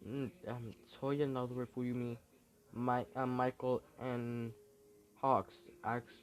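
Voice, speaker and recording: A man narrating an improvised fan-fiction story, halting and making it up as he goes. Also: medium pitch, level tone.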